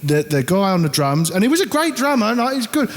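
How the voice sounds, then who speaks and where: High-voiced man telling a band story. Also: fast, long reverb tail. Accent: Essex. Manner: animated, swearing, acts out voices in anecdotes. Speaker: band member. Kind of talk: casual storytelling.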